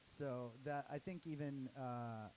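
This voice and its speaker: A man, a startup co-founder, telling a story casually on a panel, animated and full of "like"s. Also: mid-range voice, slow pace, a little hiss or hum, rough recording. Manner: animated, many "like"s and restarts.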